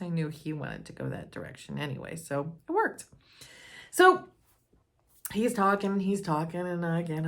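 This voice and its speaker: Woman speaker sharing a personal story, lively and expressive, with some vocal fry. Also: mid-range voice. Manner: animated, acts out dialogue, laughs often.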